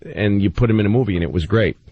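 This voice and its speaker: A man's voice: on the low side, very fast, warm tone, slightly rough, no room sound, dull audio. A man, a comedian guest on a radio show, telling a rambling story in casual chat and slipping into mocking voices.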